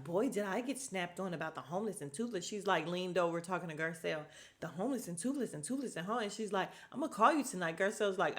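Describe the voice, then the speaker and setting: Blunt, animated woman recapping with attitude. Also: medium pitch. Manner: animated, blunt, acts out quotes. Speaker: podcast host recapping a reality show. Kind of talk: casual chat.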